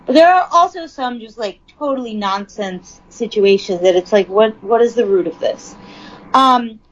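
Chatty, swearing woman with a lively voice. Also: on the high side, normal speed, highs cut off. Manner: chatty, profane, reads news then riffs on it. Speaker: commentator. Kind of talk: casual news commentary.

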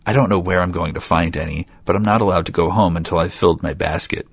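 A man voicing a kind, polite young girl in a storybook reading, gently and courteously, in a dull, dry lo-fi recording. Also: sits low, quick pace, gravelly, slight background noise. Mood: gentle, polite.

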